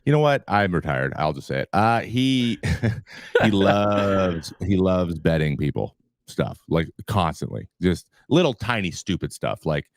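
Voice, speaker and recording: A man in his thirties with a very low, deep voice, recorded close and dry with no room sound. He rambles through stories in a relaxed way, restarting sentences and chuckling as he goes. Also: unhurried, no room sound. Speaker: retired pitcher, guest. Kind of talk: casual storytelling interview.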